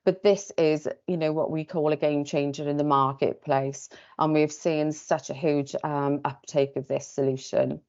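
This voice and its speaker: Welsh woman presenter, low pitch, filler-heavy pitch talk, dull video call sound. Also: steady tone, normal speed, hardly any pauses, a little mellow. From Wales. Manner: fluent with many fillers.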